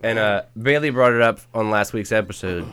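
A man with a lowish voice hosts a loose group podcast chat. He jokes dryly and swears freely, steering the talk between tangents. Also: a little fast, a bit bright, clean tone. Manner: joking, profane, wry banter. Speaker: podcast host. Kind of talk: casual chat.

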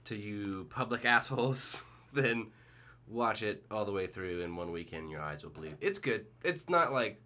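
A man's voice: lowish voice, unhurried. A man co-hosting a podcast, joking and swearing in casual chat. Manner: profane, joking, animated. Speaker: podcast co-host.

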